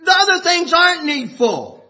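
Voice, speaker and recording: A man's voice: very high-pitched, big pitch swings, normal speed, bright, forceful tone. A man preaching a sermon from scripture, folksy and chuckling, rising into fervent exhortation. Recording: dull lo-fi sound.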